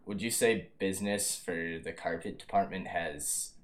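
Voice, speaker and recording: A man with a very low voice chats casually and asks about his friend's job. His replies are short and laid-back, and he swears freely. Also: unhurried. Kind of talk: casual chat, asking questions.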